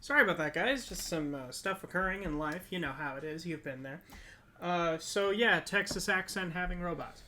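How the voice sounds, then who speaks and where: A podcast co-host in casual movie review chat, joking and quick to laugh. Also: mid-range voice, expressive, pushed and bright, a little hiss or hum.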